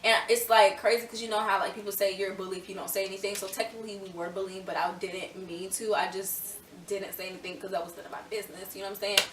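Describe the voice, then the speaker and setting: A young woman telling a storytime vlog in a chatty, animated way, full of fillers. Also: medium pitch, quick pace, a little hiss or hum. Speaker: vlogger. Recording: echoey room, a little far from mic.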